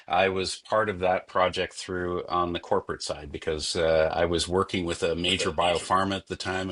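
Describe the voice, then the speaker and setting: A man with a Canadian accent answers interview questions in a deep, low register. He speaks in a thoughtful, unscripted way, pausing often and restarting his phrases as he works out what to say. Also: sharp tone. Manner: thoughtful, frequent fillers and restarts. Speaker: guest. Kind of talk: conversational interview.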